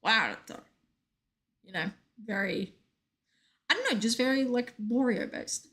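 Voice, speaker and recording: A woman's voice: on the high side, expressive, unhurried, a bit bright. A young woman streaming a game, chatting casually and reading out chat with joking asides.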